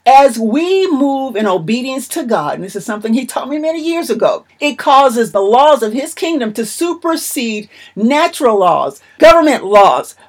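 A woman's voice: high-pitched, big pitch swings, normal speed, few pauses, husky. A woman preaching a sermon in an emphatic, repetitive manner.

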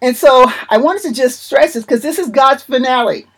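Husky, high-voiced woman preaching. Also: moderate pace. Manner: emphatic, repetitive preaching. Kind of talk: sermon.

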